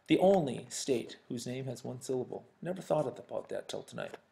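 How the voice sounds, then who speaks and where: Chatty math teacher man, gravelly voice. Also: medium pitch, animated, fairly quick, dark tone. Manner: chatty, addresses students directly, jokes. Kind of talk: recorded classroom lesson.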